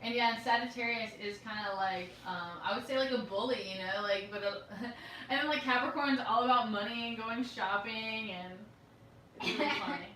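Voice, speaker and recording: A woman's voice: on the high side, normal speed, sharp tone, slight background noise. A woman in casual dinner-table chat with a friend, chatty, laughing often and sometimes dropping to a murmur. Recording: roomy, echoey sound from a distant mic.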